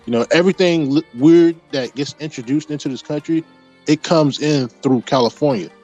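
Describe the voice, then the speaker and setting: A man's voice: a little high, normal speed, a little mellow, faint music behind. A man talking casually as podcast host, rambling with lots of restarts and fillers. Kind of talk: casual chat. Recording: dull lo-fi audio.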